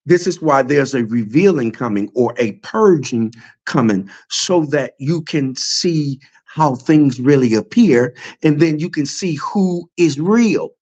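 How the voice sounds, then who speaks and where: A man's voice: a little high, lively intonation, measured pace, darkish tone. Preacherly man in casual spiritual chat. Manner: preacherly, building emphasis with repeated phrases. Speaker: podcast host.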